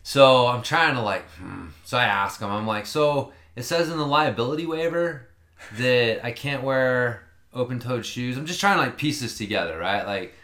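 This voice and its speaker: A man's voice: medium pitch, animated, moderate pace, a bit bright, echoey room. A man telling a long story in casual chat, rambling and swearing freely.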